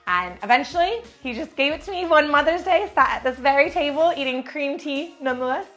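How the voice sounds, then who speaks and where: A woman's voice: high-pitched, animated, brisk, fairly bright tone, faint music behind. An American woman in her thirties talking casually to a vlog audience, bubbly and chatty and laughing often. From United States. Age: 30s. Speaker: vlogger.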